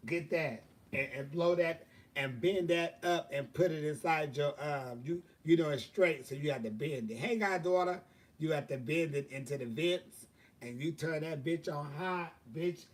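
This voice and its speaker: A man's voice: a little high, normal speed, far from the mic. A man telling a long story on his own live stream, casual and profane, with lots of fillers. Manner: profane, drawling, chatty with many fillers. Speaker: livestream host.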